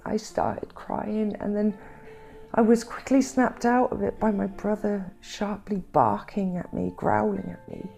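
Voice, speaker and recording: A woman vlogger recounting her family estrangement in an emotional, halting way, repeating words when upset and close to tears at times. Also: mid-range voice, fairly even intonation, vocal fry, warm tone, soft background music. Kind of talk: personal storytelling.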